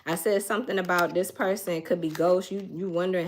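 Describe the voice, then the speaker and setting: A woman's voice: fairly low pitch, fairly even intonation, a little fast. A woman, doing a casual tarot reading and chatting straight to her viewers in a folksy way. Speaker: tarot reader.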